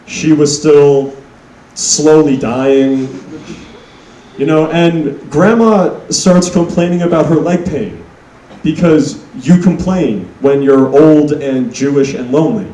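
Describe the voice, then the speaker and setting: A young man works through a stand-up set at an unhurried pace, deadpan and self-mocking. He builds to loud punchlines. His voice sits a little high, and it comes from off the mic in an echoey room. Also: distant mic. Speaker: stand-up comedian.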